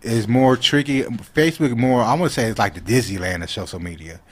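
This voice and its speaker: A man's voice: mid-range voice, brisk, breathy edge. Laid-back slang-heavy man chatting. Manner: laid-back street slang, animated when excited. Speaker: social media creator, podcast guest. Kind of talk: casual podcast chat.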